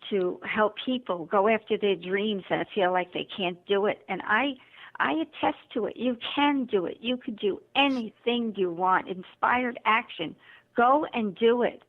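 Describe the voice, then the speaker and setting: Speaking in a mid-range voice at a moderate pace, a woman author and motivational speaker shares her story in an interview. She's animated and acts out quoted lines, and the phone line sounds tinny.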